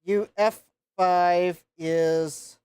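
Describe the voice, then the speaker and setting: A man's voice: high voice, fairly even intonation, extremely slow, darkish tone, clear, resonant tone, no echo, clean studio sound. A man hosting a live repair stream, thinking aloud and counting pins as he checks a circuit board. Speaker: host of a retro computer repair livestream.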